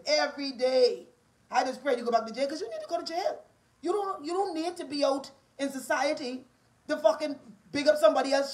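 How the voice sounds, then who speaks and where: A woman with a Bahamian accent in an angry, profane ranting monologue, confrontational and repetitive. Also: high voice.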